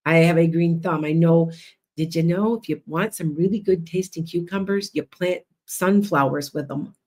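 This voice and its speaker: A woman hosting a livestream as a psychic and hypnotist, chatting loudly and rambling with many restarts. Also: lowish voice, normal speed.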